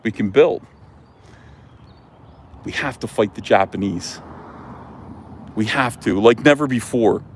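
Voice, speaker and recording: A man's voice: lowish voice, slow pace, long pauses, slight background noise. A man hosting a livestream as a comics publisher, delivering a rambling, bombastic, mock-patriotic rant full of "uh" fillers.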